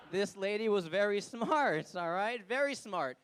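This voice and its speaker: High-voiced Indian man doing stand-up. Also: clear, resonant tone. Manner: animated, acts out characters with quick voice shifts. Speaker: stand-up comedian. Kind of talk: stand-up comedy set. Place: comedy stage before a live audience.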